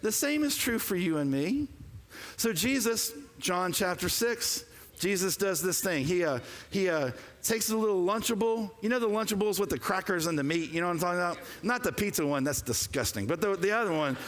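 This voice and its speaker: A man preaching a lively, joking sermon, calling for the congregation to respond. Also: sits high, fairly quick. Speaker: pastor. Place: church sanctuary. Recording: long reverb of a church hall.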